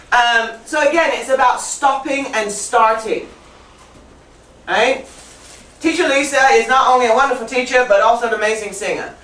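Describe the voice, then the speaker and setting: A woman teaching an English writing class, playful and quick to laugh, often teasing herself. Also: a little high, fairly bright tone. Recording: echoey classroom, distant mic, faint hiss.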